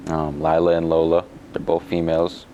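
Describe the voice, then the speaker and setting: Young athlete guy, deep voice, lots of ums, faint rumble behind. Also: muffled recording. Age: young adult. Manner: relaxed, halting, with many fillers. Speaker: college basketball player. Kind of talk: interview answers.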